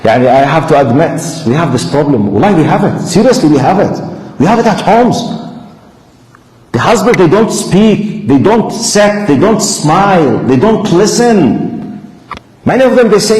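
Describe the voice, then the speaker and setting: A man's voice: a little high, moderate pace. Arabic-accented man lecturing in an echoey hall. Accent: Jordanian Arabic. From Jordan. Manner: animated, repeats key words for emphasis. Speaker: Islamic lecturer. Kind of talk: lecture to a live audience.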